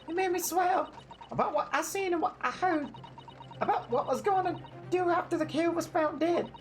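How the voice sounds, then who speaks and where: A man voicing a tough teenage Cockney street girl who comes out sounding like a middle-aged woman, in rough slangy speech. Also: extremely high pitch, normal speed, slight background noise, voice pushed up. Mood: frightened. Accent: put-on Cockney. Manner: rough slangy telling with dropped grammar. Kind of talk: game dialogue read aloud on a stream.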